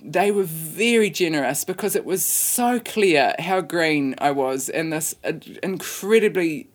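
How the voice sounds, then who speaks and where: A woman's voice: deep voice, unhurried. A woman from New Zealand with a New Zealand accent, a folk singer telling rambling, self-deprecating stories in a casual podcast chat and laughing often.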